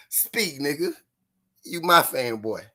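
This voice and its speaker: Man, stream host, fairly high voice, mocks chatters, laughs a lot. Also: pushed and bright. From Memphis, Tennessee, US. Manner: taunting, mocking, laughs often, repeats lines. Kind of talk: live-stream banter with chat.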